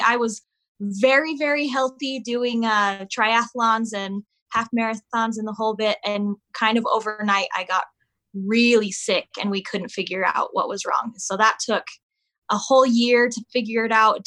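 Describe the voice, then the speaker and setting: A woman in her thirties, chatting casually as a podcast guest and telling an animated story. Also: a little high. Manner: animated storyteller, acts out voices of her kids. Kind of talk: casual chat.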